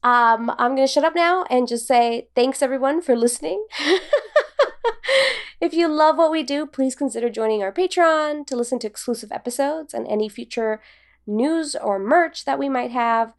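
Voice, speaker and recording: Woman, podcast co-host, casual chat, giggly, rambling, fairly high voice. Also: moderate pace. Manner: giggly, rambling, filler-heavy.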